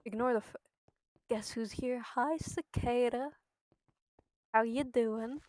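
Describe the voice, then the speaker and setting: A woman's voice: a little high, slow, darkish tone. A woman streaming a game, chatting casually with her viewers and swearing freely. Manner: chatty, swears freely, talks to chat while playing.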